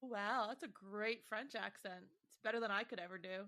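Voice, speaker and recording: Giggly woman co-host with a bright, sharp voice, easygoing chatter. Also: medium pitch. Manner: giggly, quick to agree. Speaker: podcast co-host. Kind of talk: casual chat.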